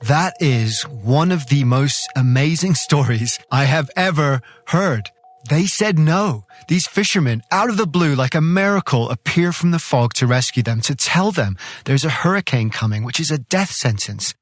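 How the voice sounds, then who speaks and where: A man hosting a podcast, narrating from a script in an expressive, emphatic way. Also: a little high, moderate pace, soft background music. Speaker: podcast host.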